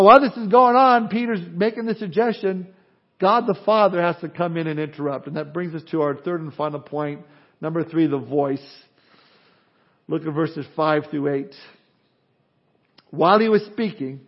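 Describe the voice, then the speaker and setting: Speaking at normal speed, a high-voiced pastor preaches expressively to his congregation. He drives his main points home loudly, then slips into quiet asides, and the audio is dull and lo-fi.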